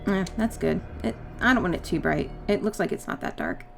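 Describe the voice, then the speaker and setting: A let's play gamer offers casual gameplay commentary, drifting into side tangents and apologizing for them. Her voice is fairly low and creaky with big pitch swings, her pace brisk, and there's a little hiss or hum.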